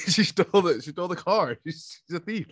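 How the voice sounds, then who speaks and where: A man co-hosting a podcast, chatting casually about wrestling, relaxed and hedging, often repeating himself. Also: high-pitched, brisk, no room sound, clean studio sound. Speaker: podcast co-host.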